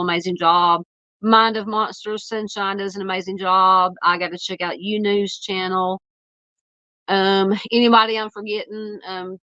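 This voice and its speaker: A woman with a Southern American drawl and a scratchy, nasal voice hosts a casual live stream, rambling warmly through fillers as she reads chat aloud. The mic is dull and lo-fi, with a dry, close sound and no room echo. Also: medium pitch. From Southern United States. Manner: rambling, filler-heavy, thanking viewers. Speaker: true crime live stream host.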